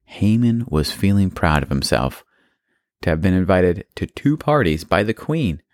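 A man narrates a children's Bible story with plain telling and playful asides. His voice is very low, and the recording is dry and close. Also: animated, a little slow, a little mellow, no echo.

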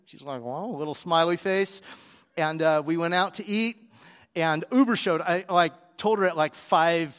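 A married man preaching, telling a story with animated delivery and acted-out dialogue. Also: a little high, moderate pace, clean tone, long reverb tail. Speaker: pastor. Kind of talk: sermon with personal story.

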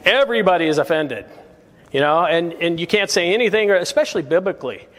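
A man preaching a sermon as pastor, earnest and exhorting, with quick chuckles between points. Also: sits high, lively intonation, fairly bright tone, in a large hall. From United States. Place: church sanctuary.

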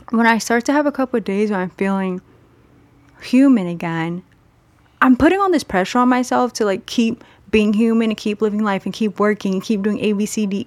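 A woman's voice: mid-range voice, no echo. Candid solo podcast host, woman, conversational, dry booth sound. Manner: candid, conversational, speeds up and slows down for emphasis. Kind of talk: casual solo podcast talk.

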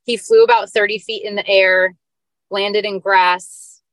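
A woman's voice: medium pitch, little pitch movement, unhurried, fairly bright tone, no room sound. A woman guest on a podcast, telling a personal story in an earnest, emotional way with casual fillers. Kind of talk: personal story told in an interview.

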